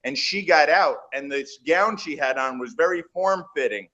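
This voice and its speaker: A man being interviewed, telling animated show-business anecdotes in a casual, rambling way that trails off and restarts. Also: a little high, normal speed, dull audio. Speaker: interview guest, actor. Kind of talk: casual storytelling in a shoot interview.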